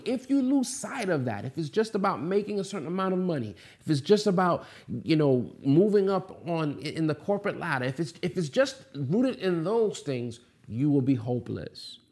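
A man's voice: on the high side, warm tone. Man preaching a sermon, rhetorical questions. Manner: preaching with rising emphasis and repeated rhetorical questions. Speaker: pastor.

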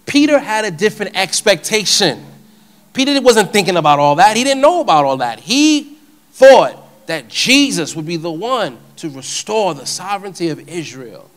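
A man giving an informal, conversational sermon, animated and shifting between soft and loud delivery. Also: high-pitched, moderate pace. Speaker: preacher.

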